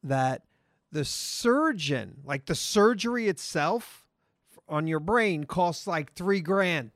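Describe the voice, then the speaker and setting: High-pitched male co-host, blunt and emphatic, dry mic. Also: expressive, slow pace, a bit bright, no room sound. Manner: emphatic, swears freely, acts out scenes. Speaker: podcast co-host. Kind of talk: casual chat.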